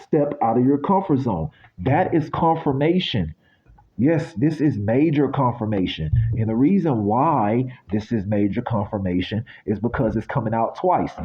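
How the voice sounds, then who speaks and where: A man's voice: mid-range voice, animated, moderate pace, dull audio. A man from the United States giving a casual spiritual reading that turns into a blunt, sweary rant. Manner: blunt, ranting, swears freely.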